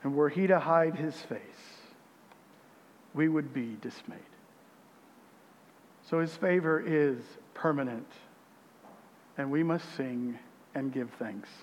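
A man preaching a sermon as pastor, reading scripture with emphasis, his voice swelling loud and then dropping quiet. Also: a little high, slow, long pauses, big-room sound.

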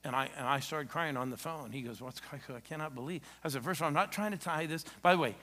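A man's voice: fairly high pitch, quick pace, pushed and bright. A middle-aged man preaching a sermon, telling a story and joking with the congregation. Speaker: pastor. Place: church sanctuary.

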